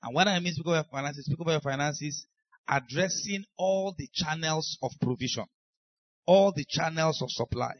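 A Nigerian-accented male pastor preaching with emphasis, his voice sitting a little high. He slips into the voices of the people he quotes. The sound is dry and a bit dull, like a lo-fi recording. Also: moderate pace, no room sound. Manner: emphatic, acts out quoted speakers. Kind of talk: sermon.

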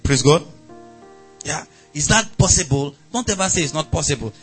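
A man with a Nigerian accent preaching a sermon, animated and acting out quoted voices. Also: on the high side, moderate pace, faint music behind. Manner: animated preaching, acts out angry voices, laughs. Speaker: pastor.

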